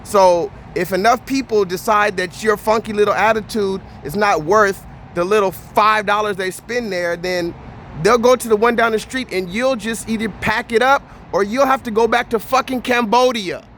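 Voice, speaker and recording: A man with a fairly high voice rants through a vlog story, blunt and animated, swearing freely. His delivery is heated and conversational, and a faint noise sits underneath. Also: normal speed. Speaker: vlogger. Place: Houston area.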